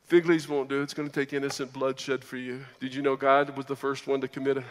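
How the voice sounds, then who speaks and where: A man preaching his personal testimony as a sermon, moving between loud excited bursts and low, quiet storytelling. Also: fast talker. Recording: long hall reverb.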